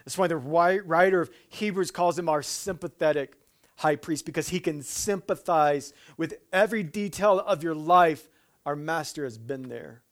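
A man preaching a sermon who breaks into humorous asides, stumbles over his words and restarts, and turns slow and quiet for solemn points. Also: a little high.

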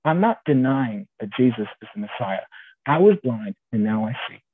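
A man's voice: mid-range voice, lively intonation, moderate pace, close to an everyday voice. A man voicing a plain-spoken formerly blind man who insists on what happened to him. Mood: earnest. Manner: earnest, insistent, bewildered. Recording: tinny phone-like sound, faint hiss.

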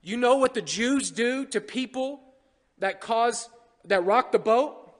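A man preaching a sermon as pastor, animated and joking with the congregation. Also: extremely high pitch, takes it slowly. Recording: long hall reverb.

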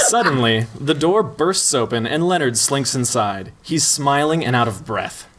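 A man's voice: mid-range voice, animated, slow, pauses often, heavy background noise. A man hosting a comedy table read, wry and self-deprecating, casting players and reading stage directions. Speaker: comedy writer and host. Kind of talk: improv comedy banter.

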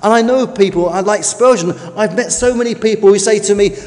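Man, high-pitched preacher, emphatic sermon delivery, echoing hall. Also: darkish tone. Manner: emphatic, with slow drawn-out stresses. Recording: long reverb of a large hall.

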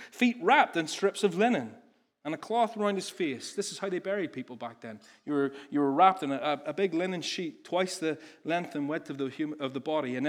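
Earnest, animated male preacher. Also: fairly high pitch. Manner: earnest and animated, with frequent restarts. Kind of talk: sermon.

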